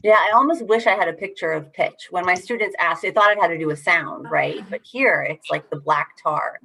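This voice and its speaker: A young woman with a slightly low voice guides a group of teachers through an online workshop. She talks in an encouraging, animated way, leaning hard on key words as she rereads lines. Her voice comes through a video call. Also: brisk, gravelly, a little hiss or hum. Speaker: workshop facilitator.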